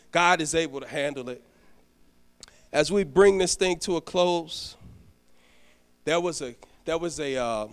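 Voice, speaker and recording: A middle-aged man, a deacon preaching a sermon, telling a personal story and then praying, his voice building to loud emphatic peaks. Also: a little high, smooth. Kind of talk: sermon with story and closing prayer.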